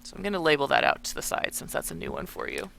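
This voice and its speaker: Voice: medium pitch, huge pitch swings, fast talker, vocal fry, sharp tone, slight background noise. A teacher walking through a text in a recorded lesson, explaining and thinking aloud while annotating it.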